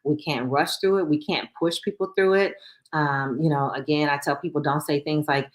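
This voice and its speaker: Low-voiced calm woman counselor. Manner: calm, reassuring, with fillers and pauses. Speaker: grief counselor. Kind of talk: live church talk on grief.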